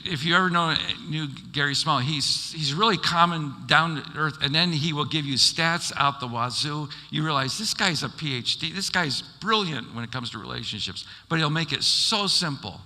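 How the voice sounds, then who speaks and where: A man's voice: a little high, moderate pace, few pauses, pushed and bright. A man pastor preaching a sermon, telling stories animatedly and acting out the people he quotes. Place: church sanctuary. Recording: long church hall reverb.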